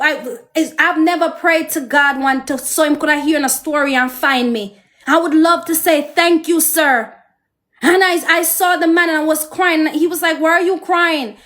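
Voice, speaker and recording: A woman with a Jamaican accent and a high voice tells her viewers about her life. She talks straight to them, emotional and preachy, like a personal testimony. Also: a bit bright. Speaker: host.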